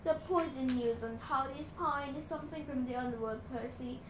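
A woman voicing a kindly older male centaur teacher who speaks calmly and solemnly, in an echoey room. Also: sits high, a little slow, background noise. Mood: grave.

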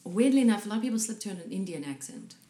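A woman's voice: mid-range voice, expressive, very fast, mellow. A woman hosting an interview, chatting casually and chiming in with short agreements. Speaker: podcast host. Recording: echoey room.

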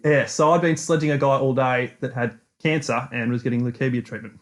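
An Australian man co-hosting a podcast, telling long anecdotes in a lively, self-mocking way. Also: medium pitch, a little fast. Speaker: podcast co-host. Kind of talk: casual storytelling chat.

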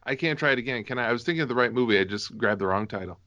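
A man's voice: mid-range voice, expressive, very fast, sharp tone, no room sound, highs cut off. A man on a podcast panel, talking casually and a bit sheepishly about his answer. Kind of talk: casual comedy podcast banter.

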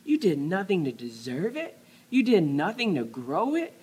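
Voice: medium pitch, wildly swooping pitch, normal speed, darkish tone, husky. A preacher acting out God in a sermon, challenging a prophet with exasperated, emphatic questions. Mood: indignant. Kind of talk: dramatized scripture reading in a sermon.

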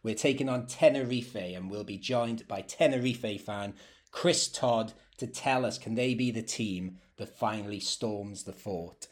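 A man hosting a football fan podcast, chatty and jokey with fillers. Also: medium pitch. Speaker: podcast host. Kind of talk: casual podcast chat.

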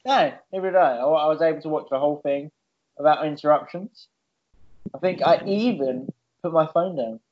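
A man's voice: fairly high pitch, normal speed. A man co-hosting a podcast, mocking a film in casual, sweary chat. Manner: swears freely, mocking, quotes characters. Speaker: podcast co-host. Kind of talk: casual movie review chat. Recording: dull lo-fi recording.

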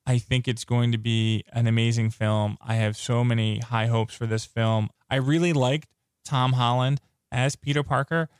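A man co-hosting a casual film review podcast, talking with eager, rambling enthusiasm and frequent restarts. His voice sits at an ordinary pitch and sounds close and dry, with no room around it. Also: moderate pace, smooth, no echo. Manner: excitable, rambling fan talk with restarts. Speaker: podcast co-host. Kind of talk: casual movie review chat.

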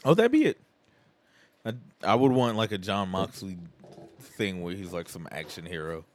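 A man's voice: deep voice, expressive, moderate pace, a little hiss or hum. A man co-hosting a casual podcast, joking, swearing and laughing as he riffs with a friend. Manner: laughing, profane, jokey impressions. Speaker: podcast co-host.

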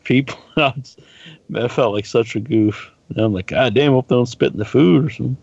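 A podcast co-host chats casually, telling long, rambling stories and swearing freely. His mid-range voice is a little mellow and husky, with vocal fry, and he talks a little fast. The recording is dry and slightly dull.

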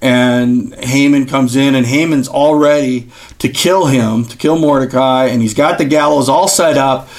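A man's voice: medium pitch, fairly even intonation, unhurried, few pauses, darkish tone. A man hosting a podcast who speaks in an earnest, exhorting, preaching style, with frequent fillers. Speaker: podcast host.

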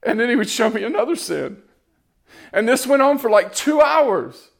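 A man's voice: extremely high pitch, sing-song, normal speed, vocal fry. A man giving an impassioned, earnest sermon testimony, repeating phrases as he builds.

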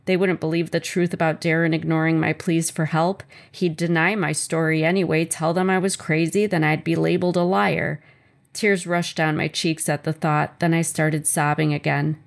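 Reading her own memoir chapter, a woman speaks in a slightly low voice with vocal fry. She is measured and earnest, sharing her first-person story.

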